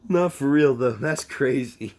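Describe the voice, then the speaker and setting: Young guy slowly reading bad fanfic out loud, sarcastic comments, laughs a lot, medium voice. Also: medium pitch. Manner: sarcastic asides, frequent laughter, stumbles over words. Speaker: fan fiction reader.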